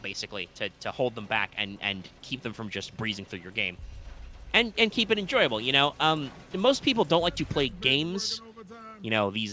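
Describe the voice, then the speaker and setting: Bright-voiced man chatting on a stream. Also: medium pitch, slight background noise. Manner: rambling, analytical, thinks aloud. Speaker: live stream co-host. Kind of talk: casual live-stream chat.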